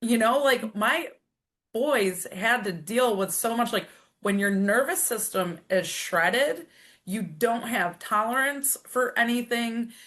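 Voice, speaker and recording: A middle-aged woman speaking as a guest on a podcast. She talks in a quick, energetic burst, breaking off and restarting often, her voice leaping up when she gets fired up. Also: a little high. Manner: energetic motivator, quick and animated, many restarts. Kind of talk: emotional conversational storytelling.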